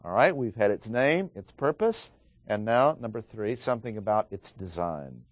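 A man's voice: on the low side, lively intonation, normal speed, no room sound. A man teaching a Bible study lecture, methodically stressing key words as he reads scripture aloud, with frequent "uh" fillers between thoughts.

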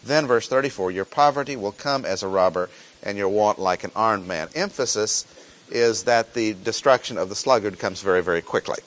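Slow, deliberate male Bible teacher. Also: on the low side. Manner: slow, deliberate, repeats key phrases for emphasis; reads scripture aloud, then explains it plainly. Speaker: preacher.

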